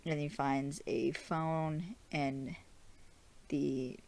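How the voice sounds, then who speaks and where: A woman's voice: low-pitched, steady tone, drawn-out words, creaky, darkish tone. A young woman hosting a podcast, giving a chatty, rambling episode recap full of "like"s. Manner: chatty, rambling, with frequent "like" and restarts. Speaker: podcast host.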